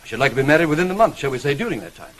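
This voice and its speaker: In a 1950s television drama, an actor plays a brooding gentleman who is master of a manor and an employer, sounding commanding before softening into pleading. The mood is earnest, and he speaks rapid-fire in a fairly high, sing-song voice on a low-quality recording.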